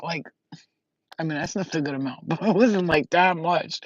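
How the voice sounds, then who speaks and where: A woman's voice: low-pitched, moderate pace, husky, dry recording. Young woman, spiritual channeler; loose, rambling, emotional delivery with lots of cursing, on a dull lo-fi recording. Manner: rambling, emotional, swears and laughs a lot. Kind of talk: casual intuitive reading. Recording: dull lo-fi dry sound.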